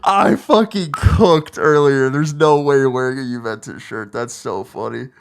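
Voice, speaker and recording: A man's voice: medium pitch, moderate pace, clear, resonant tone. A male streamer in casual, joking chat with friends, swearing often. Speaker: streamer host.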